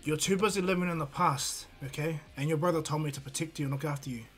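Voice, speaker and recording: A man voicing a blunt, quick-tempered teenage ninja boy who lectures and scolds in a bossy way. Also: a little high, soft background music, natural voice. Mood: stern. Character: blunt hot-headed teen ninja boy.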